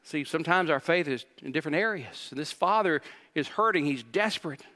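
A man's voice: on the high side, animated, a little fast, pushed and bright. A man preaching a sermon as pastor, emphatic and building intensity, repeating key phrases for weight. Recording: reverberant hall.

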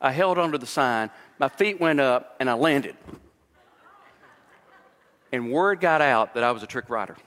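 A man, a pastor, preaching an expository sermon, mixing scripture with personal stories and rising in pitch when he presses a point. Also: expressive, moderate pace, pauses often, a bit bright, big-room sound.

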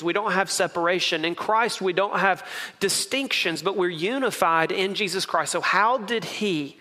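A man delivers a sermon from the pulpit, stressing his points by saying them again and again. His voice sits high and rings bright and forward. The sound carries a long reverb, like a church sanctuary. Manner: preaching with emphatic repetition. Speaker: pastor. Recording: reverberant hall.

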